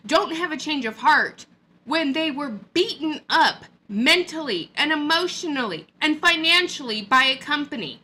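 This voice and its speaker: A woman's voice: sits high, lively intonation, moderate pace, pushed and bright. A woman vlogger giving a sarcastic, mocking rant in a hot upstairs room. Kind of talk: ranting commentary vlog.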